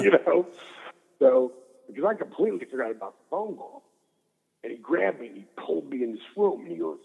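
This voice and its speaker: A middle-aged man telling stories as a guest in an interview, animated and swearing freely. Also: on the high side, a little fast, gravelly, breathy edge, in a large hall, narrow, tinny audio. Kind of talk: storytelling interview.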